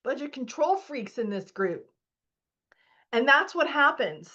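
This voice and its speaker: A woman's voice: sits high, sing-song, a little slow, bright, forceful tone, dull audio. A woman as a spiritual coach leading a live online masterclass, reading out participants' comments and urging them on emphatically.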